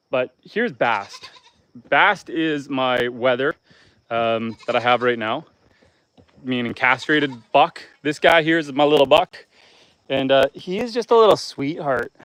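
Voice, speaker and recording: A man's voice: mid-range voice, moderate pace, a bit bright, smooth. A man hosting a live stream from his homestead, chatting casually, talking to his goats and reading out viewer comments. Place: outdoors on a homestead among goats.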